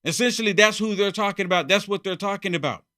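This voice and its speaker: A man's voice: high-pitched, quick pace, pushed and bright. A man hosting a heated political opinion monologue, repeating himself and mocking opponents. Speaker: political commentary host.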